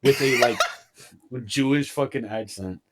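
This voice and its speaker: A man's voice: medium pitch, a little slow, a crowd in the background. A young man in casual podcast chat, blunt and emphatic, swearing freely. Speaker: podcast co-host.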